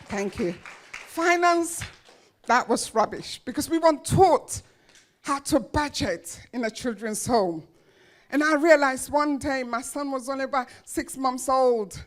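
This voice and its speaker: Woman, motivational speaker, slow deliberate delivery, slightly high voice, dramatic storytelling. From grew up in a children's home. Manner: emphatic, dramatic storytelling with pauses and repeated phrases. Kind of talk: motivational speech to an audience.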